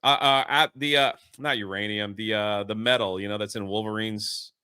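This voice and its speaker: A man's voice: on the low side, fairly even intonation, moderate pace, sharp tone, clean tone, no echo, clean studio sound. A man hosting a podcast, giving a casual, rambling spoiler recap of a movie with lots of fillers. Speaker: podcast host.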